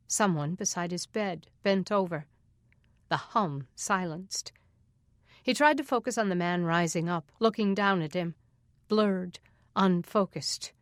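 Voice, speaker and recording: A woman narrating an audiobook in a steady, even reading voice on a close mic. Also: mid-range voice, no room sound. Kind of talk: scripted narration.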